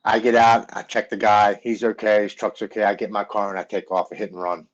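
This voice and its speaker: A man's voice: on the low side, little pitch movement, fast. A middle-aged man telling his own story frankly and bluntly, as a guest in an interview. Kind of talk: personal storytelling in a podcast interview. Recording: dull lo-fi recording.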